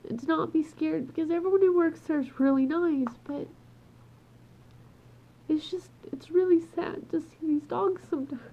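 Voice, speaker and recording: At home with her dog, a woman records an emotional personal vlog, crying and upset, trailing off and starting again. Her voice is high and dark-toned at a moderate pace. The home recording is dull and lo-fi.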